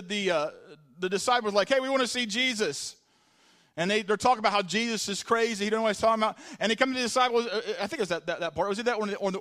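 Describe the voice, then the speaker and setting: A man with a high voice delivers a church sermon. He starts halting and soft-spoken, full of restarts, then climbs into fervent, emphatic preaching. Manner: rambling, many restarts, rising to fervent emphasis. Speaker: pastor.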